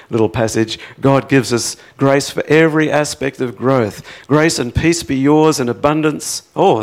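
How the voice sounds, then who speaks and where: A man preaching a sermon, rising to impassioned pleading peaks and then dropping to a quiet, reflective tone. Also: mid-range voice. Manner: acts out prayers in a pleading voice.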